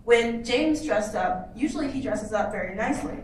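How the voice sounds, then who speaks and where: A woman in the audience telling a story in an animated way. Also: on the high side, moderate pace, slight background noise. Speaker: audience member. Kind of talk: question from the audience. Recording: echoey hall from far off, crowd behind.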